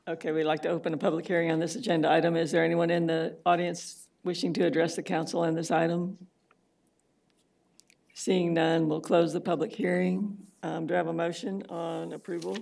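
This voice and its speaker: A woman chairing a city commission meeting, moving briskly through procedural lines. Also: fairly low pitch, little pitch movement, vocal fry, a little mellow.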